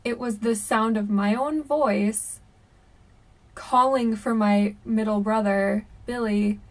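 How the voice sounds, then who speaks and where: A woman's voice: fairly high pitch, slow pace. Chatty young woman, mic a little far. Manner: chatty, animated, many fillers like "um" and "like". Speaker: YouTuber. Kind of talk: casual storytelling to camera.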